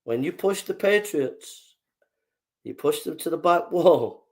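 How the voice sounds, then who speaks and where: A man's voice: a little high, animated, slow pace. A man, a podcast host delivering an emphatic, fiery political monologue full of repetition.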